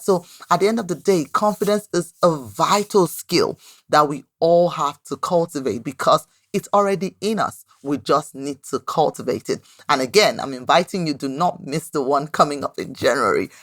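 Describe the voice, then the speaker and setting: Lively woman podcast host, dry sound. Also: low voice, no room sound. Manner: lively storytelling, often adds a questioning "right?". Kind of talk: motivational talk.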